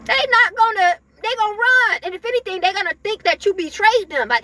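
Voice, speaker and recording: A woman's voice: very high voice, expressive, brisk, pushed and bright. A woman giving an emphatic, repetitive spiritual pep talk to her viewers, chuckling between points. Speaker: spiritual vlogger.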